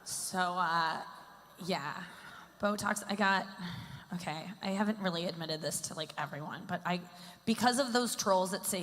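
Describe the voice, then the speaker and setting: A woman's voice: mid-range voice, a little slow, bright, forceful tone. A woman in her thirties doing a stand-up comedy set on stage, rambling and self-deprecating with lots of "like". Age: 30s. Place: stage before a live audience. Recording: long hall reverb, faint ambience.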